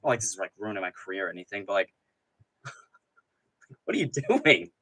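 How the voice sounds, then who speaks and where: Hyped guy ranting on his fight stream, swears a lot, voice jumps all over, bright and sharp. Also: fairly low pitch, normal speed. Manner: excitable, profane, rambling with frequent "dude" and laughs. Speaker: MMA streamer host. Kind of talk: live stream commentary, casual rant.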